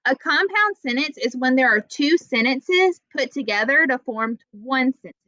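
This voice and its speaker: A young adult woman teaching an online writing class, patient and encouraging, reading example sentences slowly. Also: sits high, animated, pushed and bright, no room sound, muffled recording. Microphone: video call.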